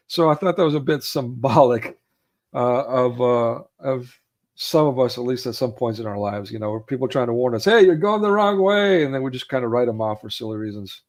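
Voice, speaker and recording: A man's voice: mid-range voice, steady tone, normal speed, darkish tone. A man in casual chat about his favorite movies. He rambles with fillers and acts out quotes in raised voices. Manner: rambling, with many fillers and restarts. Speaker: co-host of a film chat.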